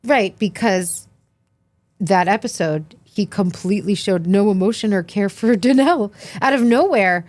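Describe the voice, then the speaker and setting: Animated woman recapping reality TV, dry sound. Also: medium pitch, moderate pace, dry recording. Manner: animated, acts out quotes in many voices. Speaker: podcast co-host. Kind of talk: casual chat recapping reality TV.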